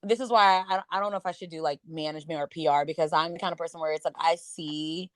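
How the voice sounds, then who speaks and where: A woman's voice: sits low, fast talker, no echo. Brief: woman co-host, self-mocking storyteller, dry close mic. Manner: self-mocking, lively storyteller, swears when joking. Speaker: podcast co-host. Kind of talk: casual chat.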